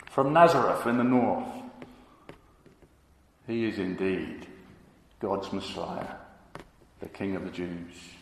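Slow preacher in an echoey hall. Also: male voice, deep voice. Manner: slow and emphatic, acting out crowd quotes. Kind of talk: sermon. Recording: echoey hall with long reverb.

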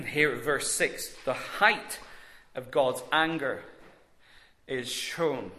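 A man preaching a sermon, measured and emphatic with long pauses. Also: a little high, sharp tone, echoey room.

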